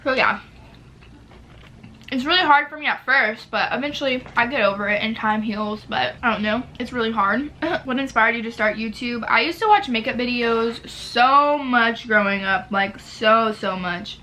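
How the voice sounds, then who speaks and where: A woman's voice: a little high, normal speed, pushed and bright, slight background noise. A nineteen-year-old woman chatting casually through a Q&A while eating at home, with lots of filler words. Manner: chatty, filler-heavy, talks with mouth full. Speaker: YouTuber. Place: home near a street.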